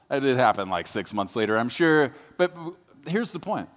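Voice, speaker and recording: This sermon comes from a pastor whose medium-pitched voice keeps a measured pace with frequent pauses. He tells an animated, joking story that gradually reaches serious points, and a long hall reverb trails his words.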